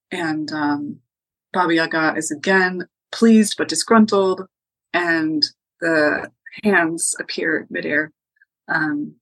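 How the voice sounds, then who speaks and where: Podcast guest, woman, loose spoken storytelling full of fillers; lower voice. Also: no room sound, rough recording. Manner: relaxed, frequent ums and likes. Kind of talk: casual oral storytelling.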